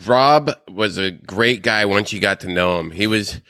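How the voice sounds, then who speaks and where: Low-voiced man telling easygoing stories. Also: unhurried, pushed and bright, no room sound. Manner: easygoing anecdotal storytelling. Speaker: podcast co-host. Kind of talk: casual chat.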